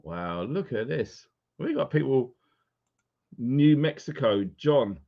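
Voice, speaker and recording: A man's voice: medium pitch, lively intonation, slow pace, vocal fry. Chatty man, lo-fi sound. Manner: chatty, greeting viewers by name. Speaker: live stream host. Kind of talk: casual live-stream chat. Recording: dull lo-fi sound.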